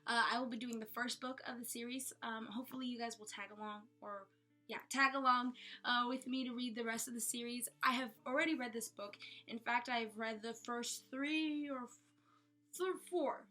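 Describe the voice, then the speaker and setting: A woman with a high, bright, sharp-edged voice rambles playfully through a casual book review, often stopping to correct herself. She talks from a room at home lined with bookshelves. Soft music plays faintly behind her. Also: steady tone, moderate pace. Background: faint background music.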